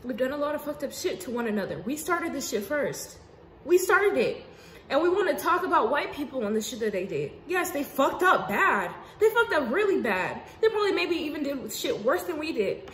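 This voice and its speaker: A woman giving an unscripted spiritual monologue to her viewers, casual and profane, swinging between emphatic outbursts and hushed asides. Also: sits high, very animated, brisk. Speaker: spiritual vlogger. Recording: roomy echo with faint background noise.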